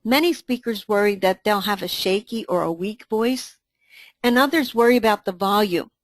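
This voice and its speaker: A woman co-presenting a training webinar, reading a scripted dialogue in an even, instructive way. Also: mid-range voice, moderate pace, dry recording.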